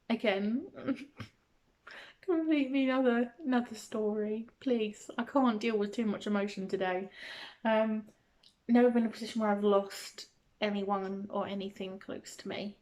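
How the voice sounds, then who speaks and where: A woman's voice: mid-range voice, fairly even intonation, measured pace, a little mellow. Hesitant young woman vlogger. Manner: hesitant, many ums and restarts, giggly. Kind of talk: casual talk to camera.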